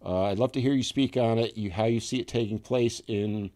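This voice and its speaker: A man's voice: lowish voice, fairly even intonation, a little fast, warm tone. A man from upstate New York hosting a casual livestream, talking in a rambling, conversational way with many fillers. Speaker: livestream host.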